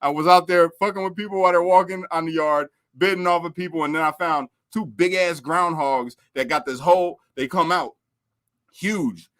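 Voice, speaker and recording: A man who is a podcast guest, telling prison stories in a casual, animated, slangy way with frequent laughter. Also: a little high, normal speed. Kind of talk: casual storytelling.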